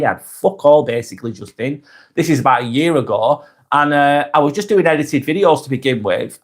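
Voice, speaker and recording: A man with a Lancashire accent hosting a casual live stream. He reads viewers' comments aloud and answers each one by name in a plain, direct way. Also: on the high side. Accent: Lancashire, Northwest England. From Northwest England.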